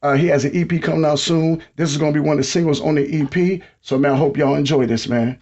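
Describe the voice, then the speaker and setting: A middle-aged man hosting a podcast, talking casually and hyping up listeners with repeated shout-outs. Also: a little high, steady tone, quick pace, muffled recording. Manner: hyped, repetitive shout-outs to the audience. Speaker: podcast host.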